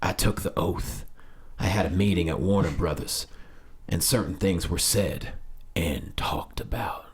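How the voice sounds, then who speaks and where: A man putting on a low, breathy impression of a suave male actor. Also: measured pace, exaggerated voice. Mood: smug.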